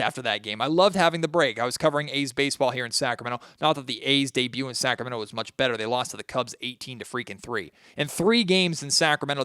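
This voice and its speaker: A man's voice: fairly high pitch, a bit bright, clean tone, no echo, studio quality. A man hosting a solo sports podcast, venting his frustration and talking straight to his listeners. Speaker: podcast host.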